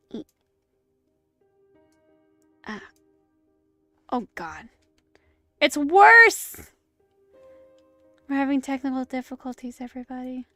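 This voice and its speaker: Woman, high voice, casual live commentary, rambling, chatty, streaming mic. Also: dark tone. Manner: chatty, rambling asides, self-interrupting. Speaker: streamer hosting a movie watch-along. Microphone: streaming setup.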